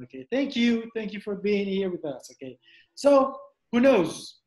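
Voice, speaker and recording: A man's voice: high-pitched, expressive, slow, a little mellow. Echoey-room male English teacher. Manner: repeats questions, drills pronunciation. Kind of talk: online class teaching. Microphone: video call.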